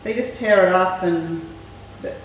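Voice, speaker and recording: A woman's voice: lowish voice, moderate pace. Woman chatting in an echoey kitchen. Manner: chatty, relaxed, thinks aloud. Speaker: cooking show host. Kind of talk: casual cooking demonstration. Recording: very echoey room, mic far off, faint noise.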